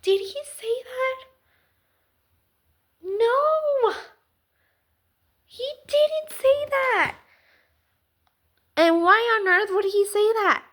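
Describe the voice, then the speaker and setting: A woman giving a casual faith talk to the camera, swinging from loud exclamations to soft near-whispers. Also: extremely high pitch, animated, very slow, long pauses. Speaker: Christian vlogger.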